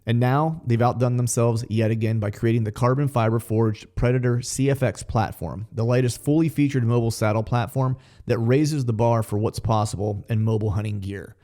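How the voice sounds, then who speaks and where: A man's voice: mid-range voice, fairly even intonation, brisk, dark tone. A man reading sponsor ads in an upbeat, salesy way. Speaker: ad announcer. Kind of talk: read sponsor ad.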